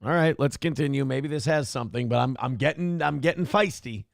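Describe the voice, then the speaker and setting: A man's voice: medium pitch, a little fast, creaky, no room sound, studio quality. A man hosting a live-stream talk show, ranting in a profane, exasperated, rambling way.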